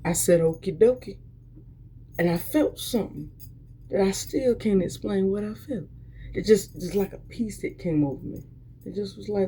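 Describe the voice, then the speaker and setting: A woman's voice: medium pitch, normal speed, warm tone, slight background noise. A woman preaching a weekly motivational encouragement, fervent and repetitive, urging listeners on with many restarts. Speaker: motivational speaker.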